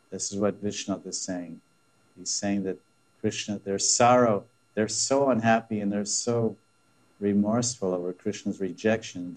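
Rambling low-voiced male scripture teacher. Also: darkish tone. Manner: rambling, laughing asides, many restarts. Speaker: religious teacher. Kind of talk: scripture class storytelling.

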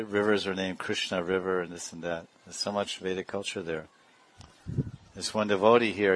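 A man giving a devotional discourse as a spiritual teacher, talking in a digressive way and chuckling often. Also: on the low side.

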